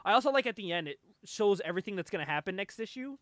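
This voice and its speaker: A young man recapping a comic on a casual podcast, his voice pitched high and swinging widely as he laughs his way through the story. The tone is bright and the sound dry and close to the mic. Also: rapid-fire, no echo. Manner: animated, laughs often, reads comic dialogue aloud. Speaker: podcast co-host. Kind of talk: casual comic book chat.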